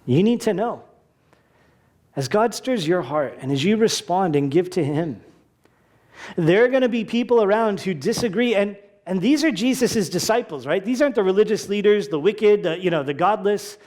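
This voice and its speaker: High-voiced man preaching a lively sermon. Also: moderate pace. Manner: animated, acts out quoted voices, conversational asides. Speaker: pastor.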